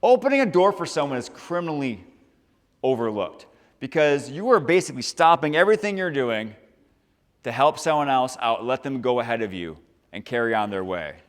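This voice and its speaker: A man giving a lively, upbeat motivational talk to a high school audience and asking the crowd questions. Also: brisk. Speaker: motivational speaker. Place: large school hall. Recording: long reverb from a large hall.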